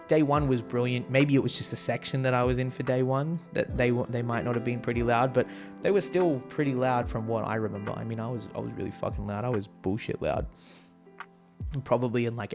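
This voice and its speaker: An Australian man hosting a vlog, chatting casually and excitably, swearing freely and laughing often. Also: mid-range voice, gravelly. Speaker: vlog host. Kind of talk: casual concert recap.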